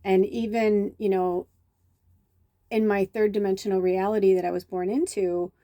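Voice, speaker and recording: A woman's voice: mid-range voice, level tone, moderate pace, warm tone, dry recording, clean studio sound. A middle-aged woman, a medium, telling chatty, rambling stories in a casual spiritual vlog, full of restarts and fillers. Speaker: medium and tarot reader.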